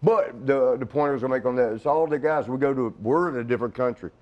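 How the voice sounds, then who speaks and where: A middle-aged retired wrestler, a guest in a casual studio interview, tells stories fast in a medium-pitched voice. He rambles, keeps restarting, and laughs at his own jokes, and the audio sounds dull.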